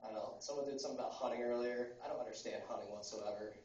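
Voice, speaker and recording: A man in his twenties from the United States doing a stand-up comedy set at a coffee house, talking fast and crudely with rambling fillers. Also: mid-range voice, fairly even intonation, a little mellow, slight background noise. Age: 20s. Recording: roomy, distant, muffled live recording.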